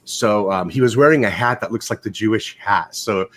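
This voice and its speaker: Speaking at a normal speed into a desktop mic on a video call, a low-voiced man chats casually on his live watch show from home in California. His unscripted storytelling rambles along, profane and animated in bursts.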